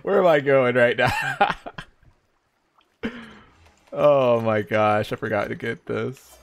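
A young man streaming a live video game playthrough, excitable and laughing often, his voice leaping up into high squeals. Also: slow, vocal fry. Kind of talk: live gameplay commentary.

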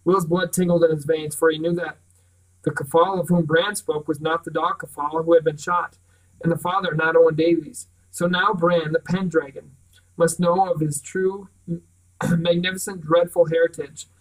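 A man reading a novel aloud with even, plain storytelling. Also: a little high, distant mic, poor audio. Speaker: reader. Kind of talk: audiobook reading.

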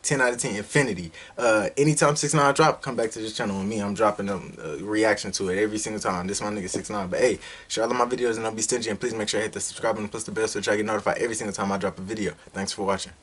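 A man reacting to a music video in a casual vlog, loud and excitable, full of street slang and swearing. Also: lowish voice, very fast, hardly any pauses, breathy edge.

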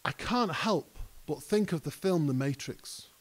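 A man's voice: on the high side, lively intonation, measured pace. A male pastor preaching a conversational sermon that rises to emphatic peaks. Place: church hall.

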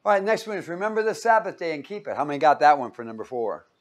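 A man leads a Bible class in a playful, teasing way, quizzing his listeners and cracking jokes as he goes. His voice sits a little high for a man, and he talks straight to the group in front of him. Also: very animated, fast. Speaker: Bible teacher. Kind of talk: interactive Bible teaching.

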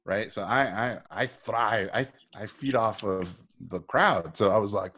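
Husky, lowish, and fairly bright, a middle-aged man's voice moves at a measured pace with few pauses as he guests on a live video talk. He shares casual stories animatedly, acting out the voices he quotes and swearing often.

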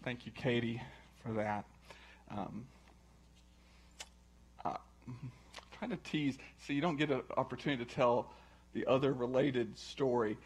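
A man with a husky, mid-pitched voice talks to a church gathering in a halting way. He stumbles through repeated words and fillers as he gathers his thoughts. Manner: halting, many restarts and fillers. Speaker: church speaker, husband of the previous speaker. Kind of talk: casual talk before a sermon.

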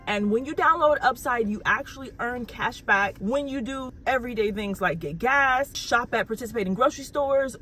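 A bubbly woman vlogger with a somewhat high voice talks fast and excitedly, calling her viewers y'all. Background music plays clearly under her voice. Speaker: couponing vlogger. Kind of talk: excited sponsor pitch and store vlog. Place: gas station, then inside a discount store.

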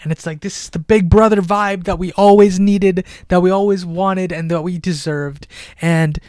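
Male reviewer, slightly high, animated, surges loud then goes hushed, dry room, headset mic. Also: normal speed, no room sound. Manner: animated, swings between loud excitement and hushed near-whispers. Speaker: film reviewer. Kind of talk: excited casual film review.

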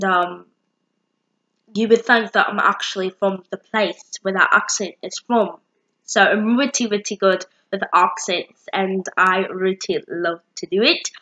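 A woman's voice: medium pitch, a little slow, fairly bright tone, muffled recording. A young woman in her late teens chatting casually to camera with a bubbly, rambling manner and many fillers. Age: young adult. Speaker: vlogger.

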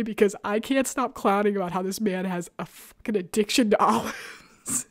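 A woman's voice: mid-range voice, fairly quick, dry recording, studio quality. A woman hosting a casual chat show, laughing often and riffing with sarcastic energy. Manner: giggly, laughs often mid-sentence; animated and sarcastic. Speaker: podcast host. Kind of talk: casual chat reviewing comics.

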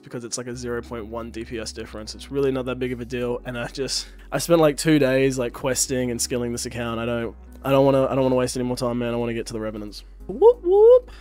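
A man's voice: mid-range voice, darkish tone. A man giving casual, profane, rambling commentary to viewers while playing a game. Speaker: gaming commentator.

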